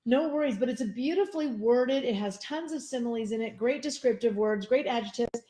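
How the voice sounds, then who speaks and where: A woman who teaches shares a picture book in an eager, chatty way. Her voice sits a little high. It comes over a video call from an echoey room. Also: fairly quick, warm tone. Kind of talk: casual sharing in a class discussion.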